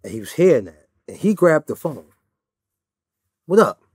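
A man's voice: a little high, sing-song, a little fast, warm tone, breathy edge, no echo, clean studio sound. A man from New York, a guest in an interview, telling stories in a loose, laid-back way and often adding "you know what I'm saying". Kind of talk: casual storytelling interview.

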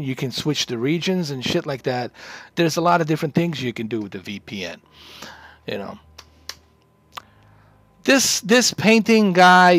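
A man's voice: on the high side, a bit bright, no room sound. Boastful rambling male streamer. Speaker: livestreamer. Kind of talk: rambling livestream chat.

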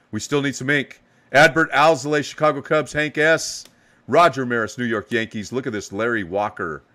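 A man's voice: on the low side, fairly bright tone. A man hosting a live card box break, hyping each card as he pulls it and giving players playful nicknames. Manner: hype, calls out cards with playful nicknames.

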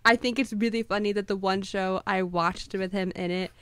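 A woman co-hosting a podcast, chatting casually as a fan, playful and gushing and quick to laugh. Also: medium pitch, fairly even intonation, smooth, dry recording. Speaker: podcast co-host.

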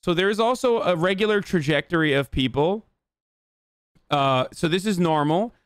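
Streamer in his thirties, quick and profane, high voice recorded dry up close. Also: lively intonation, clear, resonant tone, no room sound. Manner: rapid, profane, explanatory. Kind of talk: live-stream reaction commentary.

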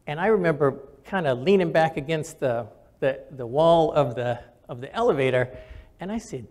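This older man, a doctor and military officer, reflects on personal stories recorded for camera, talking earnestly with frequent restarts. His voice leans high and a little mellow, with lively intonation at a normal pace.

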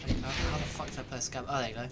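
A man's voice: mid-range voice, steady tone, racing. A man bantering crudely while playing a co-op game. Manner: crude, jokey, swearing often. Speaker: gamer. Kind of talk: casual co-op gameplay banter. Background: loud game music.

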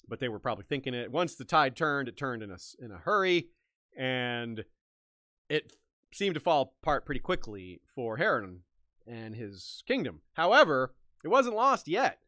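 Male podcast host, bright voice, dry close sound, casual musing delivery. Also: medium pitch, very animated, normal speed, no room sound. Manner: musing, thinks aloud with frequent restarts. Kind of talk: casual history discussion.

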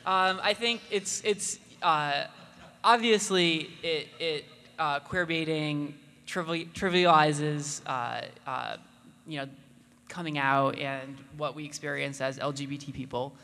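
A man speaking on a live panel in a halting way, with many pauses and fillers. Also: fairly high pitch, vocal fry, pushed and bright. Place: convention hall stage. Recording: echoey hall with faint noise.

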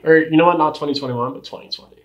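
A man's voice: a little high, very fast, roomy sound, muffled recording. A young man chatting casually as an interview guest, laid-back, full of surfer slang and "like". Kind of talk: casual chat.

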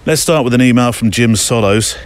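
A man's voice: mid-range voice, fairly quick, clean tone. A man hosting a podcast while out walking, chatting and reading listener emails, recorded with a handheld recorder outdoors. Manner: chatty, rambling, reads listener emails aloud. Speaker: podcast host. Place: outdoors on a country walk. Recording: faint outdoor ambience.

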